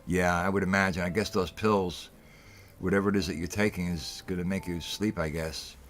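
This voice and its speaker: A man's voice: low-pitched, fairly even intonation, normal speed. A middle-aged man hosting a casual talk show, telling stories in a heated, blunt and profane way and repeating himself for emphasis. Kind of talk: casual call-in show monologue.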